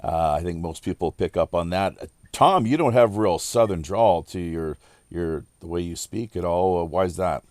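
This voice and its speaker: A man's voice: low-pitched, a little mellow, dry recording, studio quality. A man hosting a casual podcast round-table, rambling with lots of fillers. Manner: rambling, filler-heavy, deliberate. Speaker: podcast host.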